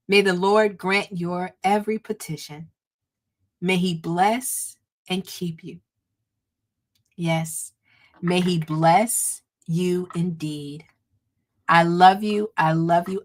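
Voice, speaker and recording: A woman's voice: on the low side, fairly even intonation, takes it slowly, long pauses. A woman hosting a livestream, leading a fervent spoken prayer and blessing for her viewers, coming back again and again to "oh God", emotional and close to tears, with a light lilt. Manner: fervent, repeats "oh God" between phrases. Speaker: livestream host.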